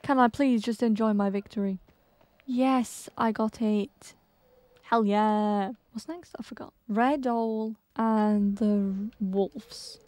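A young woman giving casual gameplay commentary, excitable and jumpy, with frequent exclamations and gasps. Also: on the high side, no echo. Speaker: gaming channel host.

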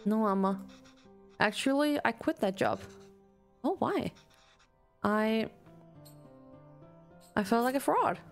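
A woman's voice: a little high, animated, slow pace, pauses often, faint music behind. A woman reading aloud a guilt-ridden adult son in a game, in a hesitant, apologetic way. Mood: remorseful.

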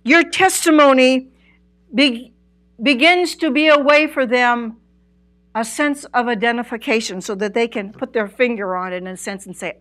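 A woman with a somewhat high voice delivers a Bible study lesson. She speaks earnestly and with emphasis, swooping up on key words and sinking to a hush at the ends of phrases. She puts questions straight to her listeners. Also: lively intonation, normal speed. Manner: earnest, emphatic, swooping between loud and soft; asks listeners direct questions. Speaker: Bible teacher.

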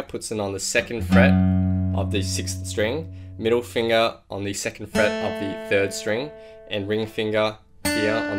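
A guitar teacher with a lowish voice gives a step-by-step tutorial, explaining chord shapes and counting strumming patterns aloud beat by beat. Loud acoustic guitar playing sits under his voice.

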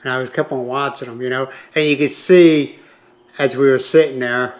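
Speaking to camera at a moderate pace, this older vlogger from the United States has a steady tone and medium pitch. He tells his audience a long story in a loose, rambling, conversational way, with plenty of asides.

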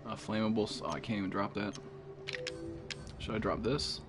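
A man streaming a horror game, panicking, yelling and swearing heavily as he plays. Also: lowish voice, normal speed. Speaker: gamer streamer. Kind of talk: horror game live commentary. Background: game music and sound effects.

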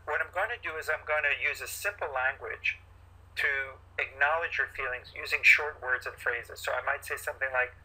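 A man, a paediatrician guest in an interview, explaining parenting advice in an animated way and acting out parents and children as he goes. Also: mid-range voice, a little fast, slightly rough, poor audio.

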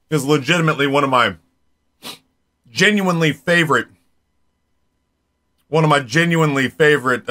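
A man's voice: medium pitch, bright, forceful tone. A man in his forties chatting casually on a live stream, rambling and talking straight to his viewers. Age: 40s.

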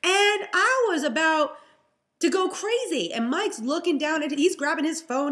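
A woman's voice: high voice, lively intonation, normal speed, a bit bright. A young pregnant woman telling a story in a chatty, exasperated vlog style. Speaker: vlogger, health and fitness coach.

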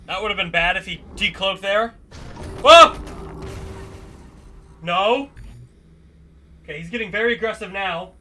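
Fast and with hardly any pauses, a young gaming YouTuber narrates a horror game in exclamatory bursts, often addressing the monsters themselves. His high-pitched voice is pushed and bright yet fairly even in intonation, with a touch of hiss or hum.

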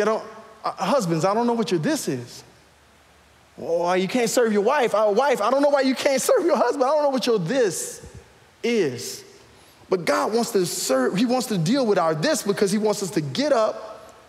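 A male pastor preaching with a high, lively voice that swoops up and down as he calls out to the congregation. The sound carries the long reverb of a church hall. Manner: animated, calls out questions to the congregation. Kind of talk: sermon. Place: church sanctuary before a live congregation.

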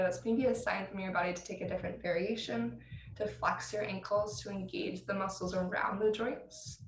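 A woman leads a yoga class over a video call, her voice calm and encouraging with the odd soft laugh. Her pitch sits mid-range, and the room sounds roomy. A faint hum of ambience runs underneath. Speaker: yoga teacher. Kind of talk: guided vinyasa class instruction. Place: at home.

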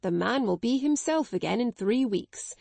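A woman voicing a kind gentleman who speaks in a calm, encouraging way. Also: on the high side, moderate pace, creaky, no echo, voice pushed up. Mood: reassuring.

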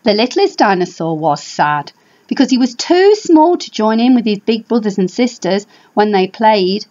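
A woman reading a picture book aloud for primary school children, animated and drawing out key words. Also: mid-range voice. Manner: animated, drawn-out emphasis. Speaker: storybook reader for a primary school. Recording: dull lo-fi home recording.

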